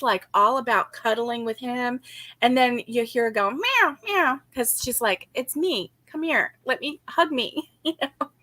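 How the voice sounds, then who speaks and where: Bright, chatty woman crochet host. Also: on the high side, dry recording. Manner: chatty, giggly, greets viewers by name. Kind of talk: casual crochet-along chat.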